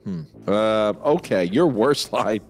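A man's voice: lowish voice, expressive, slow pace. A man co-hosting a film podcast in a joking, crude way, laughing often. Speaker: podcast co-host. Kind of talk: casual film chat. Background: faint synth music.

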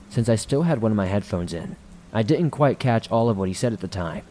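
Low-voiced male horror story narrator. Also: a little hiss or hum, low-quality recording. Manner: steady, measured storytelling.

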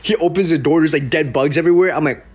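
A young man chatting on a livestream, his voice sitting a little high for a man. He tells his stories in loose bursts, looping back through fillers and false starts, and acts out the people he quotes. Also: quick pace, breathy edge. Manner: rambling storytelling with many fillers and restarts. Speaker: livestream host. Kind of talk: casual livestream chat.

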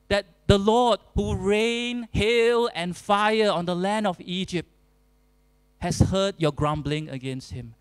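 Male pastor, earnest sermon delivery, unhurried and deliberate. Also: high voice, clear, resonant tone, no room sound, low-quality recording. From Singapore. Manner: earnest, deliberate preaching with emphatic repetition.

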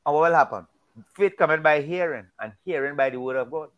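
A man with a slightly higher than usual voice talks through a Bible discussion in a casual way. He speaks emphatically and preachily. He often restarts and repeats words as he goes. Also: fast talker, muffled recording.

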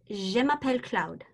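A woman reading an impatient young woman who tutors French and snaps quickly. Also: fairly high pitch, breathy edge, exaggerated voice. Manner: exasperated, quick to snap. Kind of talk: amateur scene reading.

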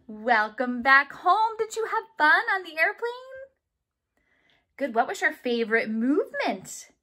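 High, lively woman music therapist. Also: unhurried. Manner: sing-song, coaxing teacher talk with call-and-response; imitates instrument sounds with her voice. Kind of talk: remote music lesson for young children.

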